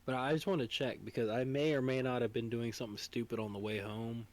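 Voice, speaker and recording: A man's voice: medium pitch, steady tone, quick pace, darkish tone, a little hiss or hum. A man co-hosting a casual podcast, rambling, swearing freely, with a voice strained from singing. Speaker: podcast co-host.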